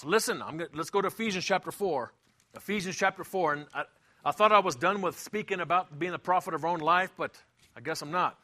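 A middle-aged pastor preaches a sermon emphatically, repeating himself and sometimes acting out the voices of people he quotes. His voice is a little high with a sharp tone.

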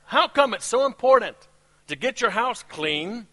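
A male pastor with a non-native English accent preaches with lots of energy. His voice sits high and swings up and down, and he breaks into laughs between points. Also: measured pace. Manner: animated preaching with laughs and asides. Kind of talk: sermon.

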